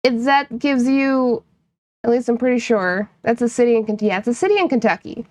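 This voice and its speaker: A woman's voice: fairly high pitch, a little fast, a little mellow, dry recording. A woman from upstate New York, chatting casually with her live-stream viewers, playful and laughing often while she teases chat.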